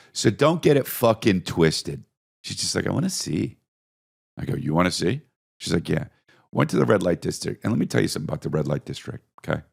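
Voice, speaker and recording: A man hosting a podcast, telling crude, animated comedic stories and riffing with lots of profanity. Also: low-pitched, vocal fry, breathy edge. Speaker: podcast host. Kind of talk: comedic storytelling monologue.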